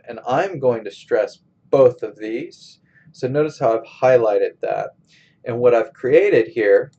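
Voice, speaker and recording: Slow methodical male lecturer, lo-fi. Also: fairly low pitch, darkish tone. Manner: slow, methodical explaining with pauses. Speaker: college English instructor. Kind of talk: recorded screencast lecture.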